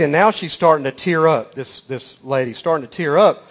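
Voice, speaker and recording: A man's voice: a little high, normal speed. A man preaching a sermon, telling a folksy story with emphatic repeated phrases.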